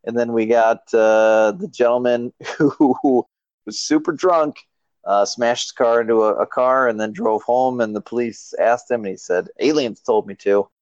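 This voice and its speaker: A man's voice: mid-range voice, normal speed, no room sound, muffled recording. A man co-hosting a podcast in casual chat, with a dry, wry sense of humor. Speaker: podcast co-host.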